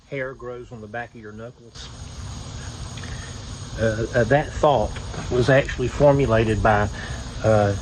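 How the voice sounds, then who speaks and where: A man telling stories in an unhurried, folksy way by an outdoor fire, pausing often with "uh". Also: medium pitch, slight background noise, low-quality recording. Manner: unhurried, folksy, lots of "uh" pauses. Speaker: video blogger. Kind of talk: relaxed storytelling by a campfire. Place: outdoors beside a fire at night.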